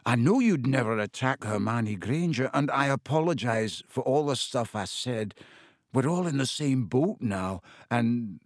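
A man's voice: mid-range voice, expressive, unhurried, dry recording, studio quality, lightly acted. A man voicing an earnest, formal teenage schoolboy in an audiobook. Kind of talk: audiobook reading.

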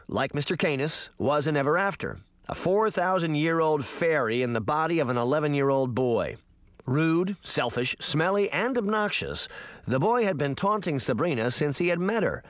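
Expressive male storybook narrator. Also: mid-range voice, dry recording, studio quality. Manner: expressive storytelling, voicing characters. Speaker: audiobook narrator. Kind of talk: scripted narration.

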